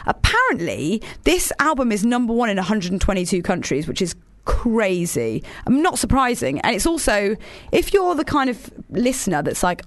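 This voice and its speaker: A woman's voice: medium pitch, big pitch swings, normal speed, no echo. A woman hosting a radio show, chatting in an enthusiastic, rambling way from the studio. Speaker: radio host. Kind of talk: casual radio chat.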